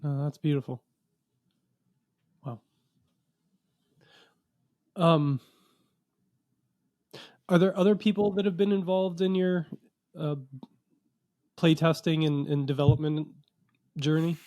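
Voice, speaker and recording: A man's voice: on the high side, mellow, dry recording, studio quality. A man hosting a casual interview, reacting briefly and asking questions. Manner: short reactions and unhurried questions. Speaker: podcast host.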